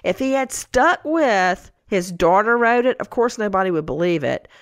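Speaking at a moderate pace in a medium-pitched, animated voice, a middle-aged woman co-hosts a spirited true-crime podcast. She tells stories and repeats things her kids said, erupting in incredulous outbursts. The audio is dry and studio quality.

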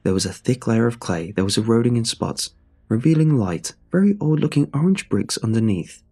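A man narrating a true horror story in a measured, suspenseful way. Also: mid-range voice, lively intonation, dark tone, husky.

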